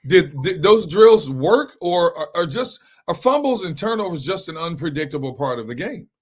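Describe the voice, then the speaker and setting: A man's voice: a little high, very animated, moderate pace. A man hosting a sports interview show, asking conversational questions and backing the guest with frequent short replies. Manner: conversational, backchannels often.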